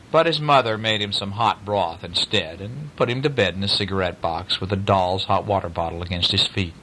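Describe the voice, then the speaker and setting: A man's voice: sits low, a little fast, few pauses, bright, forceful tone, poor audio. A man reading a bedtime story aloud to a child, with coaxing asides to the listener.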